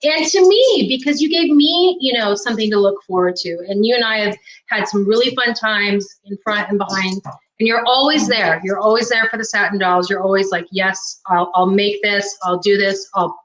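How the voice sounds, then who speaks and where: A woman's voice: medium pitch, brisk, fairly bright tone. A woman co-hosting a live baking stream, bubbly and sentimental, talking to viewers and the host. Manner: bubbly, sentimental, reads chat aloud. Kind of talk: casual live-stream chat. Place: home kitchen. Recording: echoey kitchen room.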